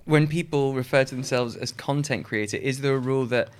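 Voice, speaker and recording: Male podcast host, mid pitch, playful, jokey. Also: fairly quick, clean tone. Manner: playful, joking, laughs often. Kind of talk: casual chat.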